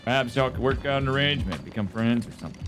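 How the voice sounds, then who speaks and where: A man spins a rambling tale in a casual role-play voice, full of "uh"s and restarts. His pitch swoops lively up and down as he goes. Game music plays clearly under him. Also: racing. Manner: rambling, animated, with many fillers. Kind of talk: casual in-character storytelling.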